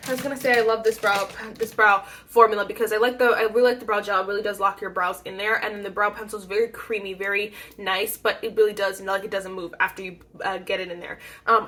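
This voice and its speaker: A woman's voice: medium pitch, sharp tone. A young woman chatting casually through a makeup tutorial, rambling and self-deprecating, with frequent ums and little laughs. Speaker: beauty YouTuber.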